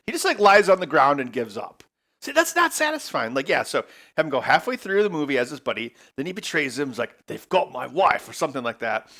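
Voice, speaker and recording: A man's voice: mid-range voice, a bit bright. A man hosting his own channel, giving a casual, rambling movie review and acting out quotes in mock voices. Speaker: host.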